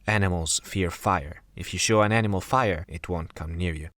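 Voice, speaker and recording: A man voicing a strict but caring middle-aged mother, in his own deep voice. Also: moderate pace, a bit bright, dry recording, clean studio sound. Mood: stern. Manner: firm, strict.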